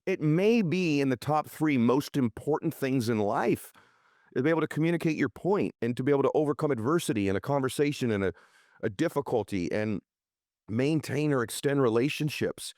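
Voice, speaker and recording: A man's voice: medium pitch, expressive, a little fast, darkish tone, no room sound, clean studio sound. A man hosting a podcast, asking his guest questions and speaking to his listeners with candid enthusiasm. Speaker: podcast host. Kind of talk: interview questions and commentary.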